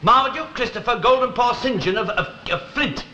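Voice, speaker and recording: A man's voice: very high voice, animated, a little fast, pushed and bright, roomy sound, dull audio, slight background noise, heavily acted. An actor playing an exasperated, put-upon man in a 1960s British sitcom, wry and blustering. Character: exasperated middle-aged man with an unruly dog. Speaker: Mister Hunt, sitcom lead.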